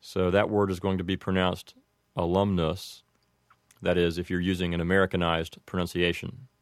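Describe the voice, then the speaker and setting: A man explaining Latin pronunciation in a measured, methodical way, slowing down for each example. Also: low voice, completely flat delivery, clean tone, dry recording, studio quality. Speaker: language teacher.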